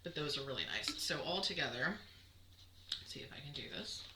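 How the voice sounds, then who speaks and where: Woman, low voice, rambling show-and-tell host, echoey room with noise behind. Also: lively intonation, fairly quick. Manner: chatty, rambling, many ums, laughs at herself. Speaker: knitting podcast host. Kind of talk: casual show-and-tell chat.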